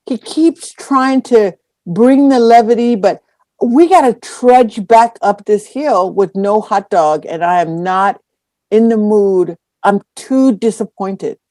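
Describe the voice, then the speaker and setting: A woman dharma teacher telling a personal story in a dharma talk, animated and full of acted-out quotes. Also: medium pitch, slow, no room sound. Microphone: online call.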